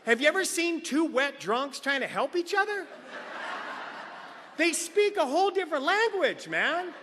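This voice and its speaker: A man's voice: extremely high pitch, moderate pace, background noise. A middle-aged man giving a comic recovery share at a meeting, acting out the voices in his stories. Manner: animated comic storyteller, acts out quotes. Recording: reverberant hall sound.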